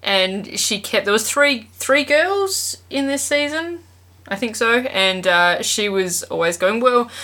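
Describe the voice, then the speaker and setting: A woman's voice: on the high side, slow pace. A woman co-hosting a podcast, chatting casually and swearing freely as she retells a show. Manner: sweary, animated retelling with mock quotes. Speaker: podcast co-host. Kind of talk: casual chat.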